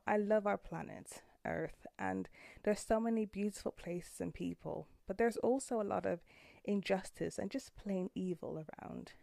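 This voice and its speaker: A woman's voice: fairly low pitch, creaky, dark tone, no echo. A woman in her thirties hosting a podcast from a room at home, speaking in a heartfelt, earnest way that turns emotional. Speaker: podcast host. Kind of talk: personal podcast monologue.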